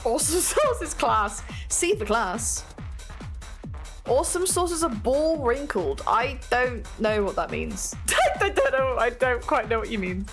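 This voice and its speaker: A British woman streaming a casual chat, talkative and quick to laugh at herself. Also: fairly high pitch, animated, a bit bright. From Britain. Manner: chatty, giggly, self-mocking. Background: faint music playing.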